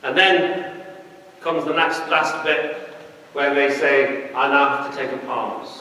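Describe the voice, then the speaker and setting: A man, an imam, giving a lively public talk and speaking straight to his live audience. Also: mid-range voice, slow pace. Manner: animated, addresses the audience directly. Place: large hall. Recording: echoey hall, mic from far off.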